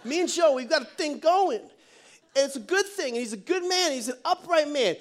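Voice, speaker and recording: A man voicing Mary as an excited, fast-talking young Italian woman in a comic sermon retelling. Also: very high-pitched, voice pushed up. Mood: pleading, excited. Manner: excited, pleading, rapid questions.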